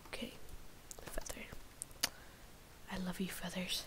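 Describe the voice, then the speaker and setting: A woman from India with an Indian accent giving let's-play commentary, excitable, muttering and whispering to herself between loud outbursts. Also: a little high, slow pace, pauses often, a little hiss or hum. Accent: Indian English. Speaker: gamer.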